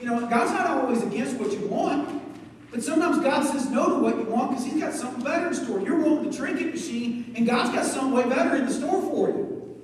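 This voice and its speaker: Animated man preaching in a hall. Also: extremely high pitch, fairly quick, recorded from a distance. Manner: animated storytelling with jokes and asides. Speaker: youth pastor. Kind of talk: youth sermon. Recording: echoey hall, mic from afar.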